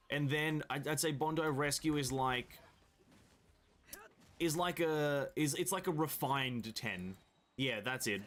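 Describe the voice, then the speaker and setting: A man's voice: medium pitch, fairly bright tone. An Australian man streaming a game, chatting casually into a desk mic, rambling and restarting sentences with the odd offhand swear. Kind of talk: casual chat while gaming.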